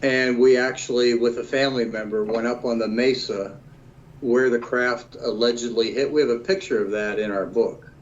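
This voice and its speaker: A man's voice: medium pitch, fairly even intonation, normal speed, a little hiss or hum. Matter-of-fact man over dull audio. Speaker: guest researcher. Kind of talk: interview storytelling.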